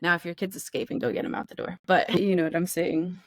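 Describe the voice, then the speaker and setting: A woman's voice: lowish voice, level tone, quick pace, no echo. A woman co-hosting a podcast in casual chat, candid and profane, acting out feelings in quoted voices. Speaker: podcast co-host.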